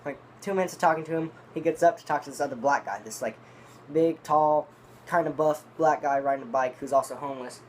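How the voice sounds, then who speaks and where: A man's voice: a little high, brisk, a little hiss or hum. A man telling a long, rambling story in casual, profanity-laden talk, reviewing dip tobacco. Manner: rambling, profane, restarts often.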